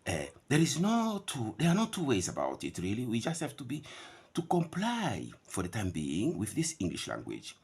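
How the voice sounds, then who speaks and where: A middle-aged man teaching English pronunciation in a lecture, repeating each word slowly as a model. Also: medium pitch, wildly swooping pitch, darkish tone, slightly rough.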